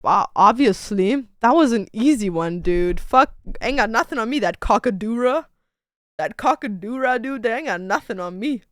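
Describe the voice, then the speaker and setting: A woman's voice: on the high side, expressive, moderate pace, no room sound, clean studio sound. A young woman streamer in casual chat, goofy and swearing freely as she tries out silly voices and animal sounds. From Canada.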